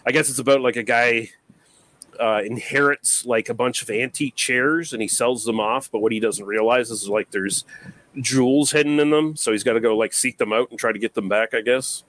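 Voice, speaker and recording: A man in a mid-range voice hosts a relaxed podcast about old movies. He talks casually and loosely, often pausing on fillers and drifting off at the ends of his thoughts. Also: mid-range voice. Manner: loose and rambling, with many fillers and trailing remarks. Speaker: podcast co-host. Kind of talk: casual movie review chat.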